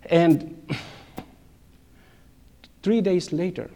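Animated middle-aged man telling a testimony. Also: high voice, drawn-out words. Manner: animated, repeats phrases, laughs between lines. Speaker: church speaker telling a testimony. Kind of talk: personal testimony storytelling.

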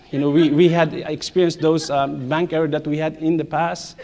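Animated middle-aged man telling a testimony. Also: fairly high pitch, normal speed, gravelly. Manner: animated, repeats phrases, laughs between lines. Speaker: church speaker telling a testimony. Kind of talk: personal testimony storytelling.

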